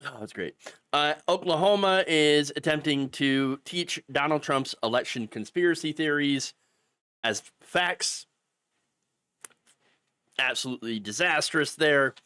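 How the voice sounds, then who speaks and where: A man's voice: fairly high pitch, unhurried, pushed and bright, clear, resonant tone. A man hosting a political commentary live stream, with the hiccups, talking casually and restarting sentences often. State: has the hiccups.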